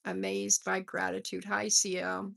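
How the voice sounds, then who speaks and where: A middle-aged woman with a gravelly, fry-edged voice hosts a poetry livestream. She reads poems aloud between chatty asides, greets viewers by name and laughs at herself. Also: medium pitch, monotone, measured pace, fairly bright tone.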